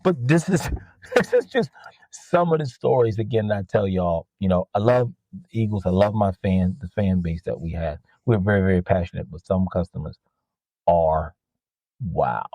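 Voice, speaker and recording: Animated, profane man ranting, lowish voice. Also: normal speed, no echo, rough recording. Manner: animated, profane, mimics customers in a higher voice. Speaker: podcast host and jersey seller. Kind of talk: casual storytelling rant.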